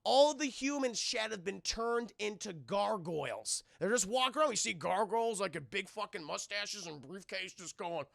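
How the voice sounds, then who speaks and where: Guy streamer cussing through a cartoon recap, real gravelly, bright voice, dry close mic. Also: high voice, moderate pace, few pauses, dry recording. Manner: rambling, profane, animated, addresses the chat. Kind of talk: casual profane recap to a live chat.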